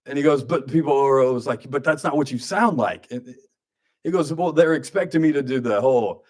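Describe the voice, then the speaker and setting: A man, hosting a radio show in a studio with joking, grumpy banter and quick asides. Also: medium pitch, darkish tone. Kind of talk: casual radio talk.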